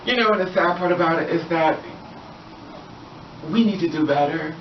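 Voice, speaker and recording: A woman's voice: lowish voice, normal speed. A woman telling an impassioned story in an earnest, emphatic monologue, repeating phrases for weight. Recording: distant echoey dull noisy recording.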